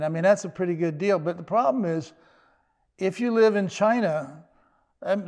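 Older male pastor, high-pitched, conversational sermon with wry humor. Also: darkish tone. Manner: conversational, joking asides with quick restarts.

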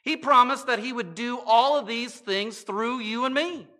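Bright, high-voiced male pastor preaching. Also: unhurried. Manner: conversational preaching with rhetorical questions and playful asides. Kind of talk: sermon. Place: church.

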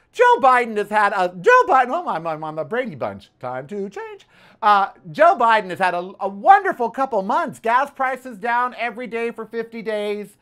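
A man hosting his own podcast, talking in a sassy, chatty way about the news and his day, often calling listeners "honey.". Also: sits high. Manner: sassy, animated, says "honey" and "okay". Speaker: podcast host. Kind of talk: casual political commentary.

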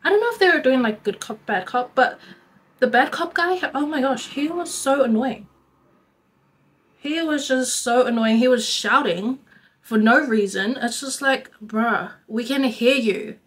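A young adult woman telling a story to her vlog audience in a chatty, animated way, filling her talk with "like.". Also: high voice, normal speed. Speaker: vlogger. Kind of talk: casual storytime.

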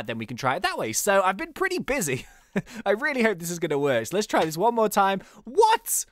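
Excitable man narrating his gameplay. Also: sits high, dry recording. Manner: excitable, self-mocking, laughs often, pleads with game characters. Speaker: gaming channel host. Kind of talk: casual let's-play commentary.

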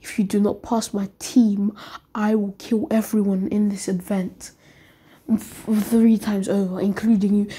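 A woman's voice: mid-range voice, flat delivery, unhurried, dark tone, husky. A woman voicing a ruthless teenage ninja boy who makes cold threats. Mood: cold, threatening.

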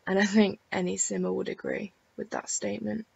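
Woman gamer, casual late-night commentary, gravelly tired voice, dull lo-fi home mic. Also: mid-range voice, level tone, brisk. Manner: rambling, soft-spoken with many ums. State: tired, croaky voice. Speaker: gaming YouTuber. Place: home at night with family asleep.

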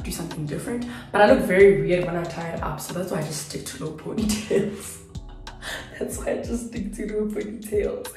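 Getting ready at home, a young YouTuber from South Africa chats to a phone propped on a tripod. Her voice is hoarse and partly lost, fairly low and darkish in tone, and she meanders, catches her own mistakes, and laughs softly.

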